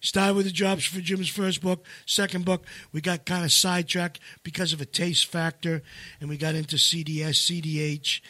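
A man with a fairly high voice talks in a loose, rambling flow, stacking restarts and fillers, then leans hard into the points he cares about. The recording is dry and close, with no room sound around him. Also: little pitch movement, normal speed, bright, forceful tone, no room sound. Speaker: seminar leader and co-author. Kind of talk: casual promotional chat.

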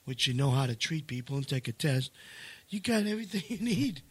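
A man's voice: mid-range voice, very animated, brisk, fairly bright tone, husky, dry recording. A man leading seminars who talks in a rambling way, full of restarts and fillers, and pushes hard on his main points. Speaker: seminar leader and co-author. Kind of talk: casual promotional chat.

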